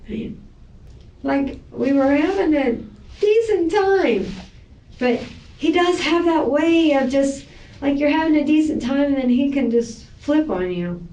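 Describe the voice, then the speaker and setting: A woman being questioned by police, rambling and defensive as she vents, her somewhat high voice landing from a distance in an echoey interview room. It sounds like a real interrogation recording. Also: lively intonation, a little slow, warm tone.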